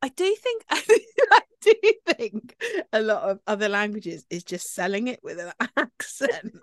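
A woman's voice: medium pitch, huge pitch swings, unhurried, no room sound, studio quality. A woman co-hosting a podcast, playful and giggly in casual chat. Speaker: podcast co-host.

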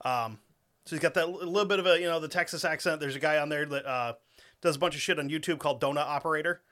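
Joking New man, higher voice. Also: fairly bright tone. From New England. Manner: joking, swears casually, quick banter. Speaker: podcast co-host. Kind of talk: casual podcast chat.

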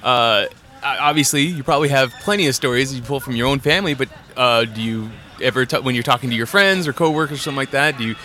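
A man hosting an interview, asking questions in a halting way with many restarts. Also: medium pitch, pushed and bright. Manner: halting questions, frequent laughs and backchannels. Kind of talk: casual interview chat.

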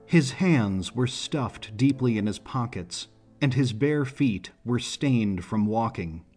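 Husky male audiobook narrator. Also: medium pitch, soft background music. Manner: measured, even storytelling.

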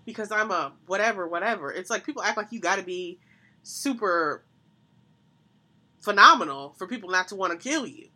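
A woman co-hosting a casual chat, speaking emphatically in colloquial terms and agreeing in quick interjections. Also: medium pitch, lively intonation, bright, forceful tone.

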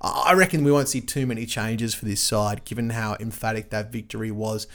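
An Australian man hosting a casual podcast, chatty and excitable, with lots of fillers and restarts. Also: on the low side, fairly quick. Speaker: podcast host. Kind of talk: casual cricket podcast chat.

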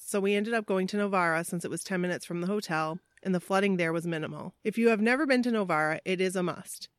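A woman's voice: lowish voice, no echo. A woman co-hosting a podcast in casual chat, reading a listener's story aloud and breaking off for laughing asides. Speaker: podcast co-host.

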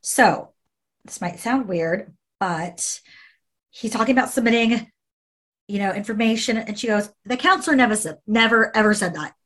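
A woman's voice: a little high, moderate pace, fairly bright tone. A woman in casual conversation who tells a story emphatically, repeating phrases and swearing.

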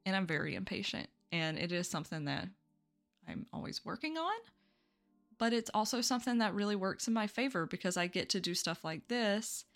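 A woman's voice: medium pitch, lively intonation, brisk, soft background music. A woman hosting a solo spiritual podcast, talking candidly and reflectively, with little laughs between thoughts. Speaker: podcast host.

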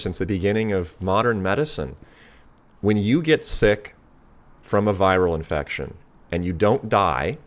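Deep-voiced doctor speaking emphatically. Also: male voice. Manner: emphatic and insistent, stressing key words. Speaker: physician guest. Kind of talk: talk-show guest commentary.

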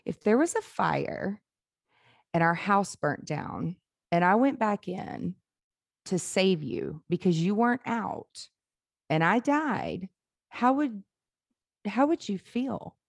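A woman's voice: medium pitch, very animated, slow pace, creaky, no room sound, studio quality. A woman in her forties telling candid family stories in casual chat, laughing and swearing now and then.

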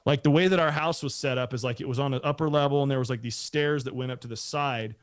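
A man's voice: mid-range voice, fast talker, no echo. A middle-aged man telling a long story in a casual, rambling way, acting out what other people said. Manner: rambling, animated, acts out quoted voices.

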